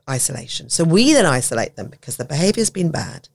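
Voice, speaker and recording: A woman talking on a podcast about teaching, animated, often acting out quoted voices and laughing. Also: low voice, fast talker, creaky, few pauses, breathy edge. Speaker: podcast guest, autism educator. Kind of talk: conversational podcast talk.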